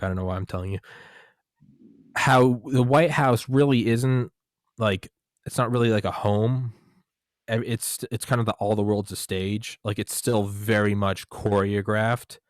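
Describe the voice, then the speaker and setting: A podcast host with a lowish voice runs a casual interview chat, telling stories and swearing casually. He's animated and acts out quotes in a raised voice. The studio-quality recording has no room sound.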